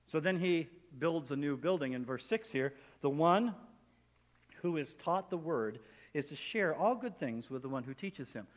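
A man's voice: on the high side, moderate pace. Preaching man in a reverberant hall. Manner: animated preaching, acting out imagined inner voices. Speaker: pastor. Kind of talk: sermon.

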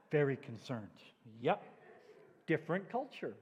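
A man preaching as a pastor, telling stories with animated asides in a church sanctuary. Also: fairly high pitch, a little fast. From New England. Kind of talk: sermon. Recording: long church hall reverb.

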